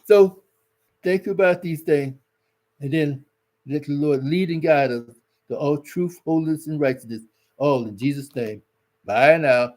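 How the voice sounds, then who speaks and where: A man with a fairly high but mellow, warm voice delivers religious relationship advice. He talks in a folksy, exhorting way, hammering points home by repeating his words. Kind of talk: preachy religious advice talk.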